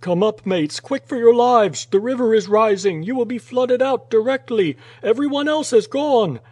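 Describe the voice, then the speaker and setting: A man voicing a brave young boy miner who shouts urgent warnings in an audiobook. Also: very high-pitched, moderate pace, breathy edge, dry recording, pitched above the performer's own voice. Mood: shouting.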